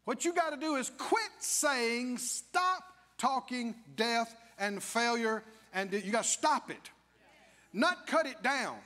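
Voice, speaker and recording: A male pastor delivers an animated sermon. His voice sits very high, and he breaks into mock whining prayers and laughter. The sound carries a long church-hall reverb. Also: moderate pace. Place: church sanctuary.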